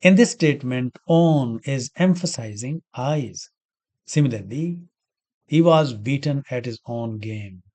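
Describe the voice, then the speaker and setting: A man's voice: mid-range voice, lively intonation, a little slow, darkish tone. A man lecturing on grammar, working through example sentences and asking himself questions before answering them. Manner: repeats key words and asks himself questions. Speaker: English grammar teacher. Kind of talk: explaining grammar examples step by step.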